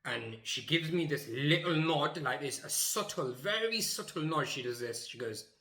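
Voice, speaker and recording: A young man telling a funny story from his school days, animated and emphatic, acting out the scenes. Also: a little high, normal speed, reverberant. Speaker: YouTuber. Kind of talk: comic storytelling.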